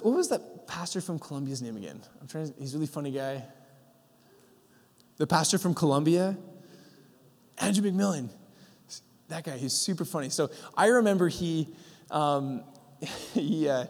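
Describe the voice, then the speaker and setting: A young male pastor preaching in a casual, storytelling manner, stumbling through fillers and acting out little dialogues. His voice sits a touch high for a man. The sound rings with the long reverb of a large hall. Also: lively intonation, moderate pace. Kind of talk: sermon.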